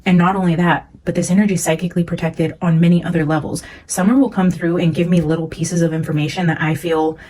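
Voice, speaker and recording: A woman's voice: fairly low pitch, little pitch movement, fast, few pauses, mellow, a little hiss or hum, poor audio. A young woman, a psychic medium, talking casually and earnestly as she reads from her notes, rambling with many fillers.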